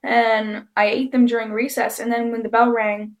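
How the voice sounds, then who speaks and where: The audio is dull, but a woman's fairly high voice comes through at a moderate pace as she tells a story to camera. She's chatty and giggly, acting out people's remarks with animation.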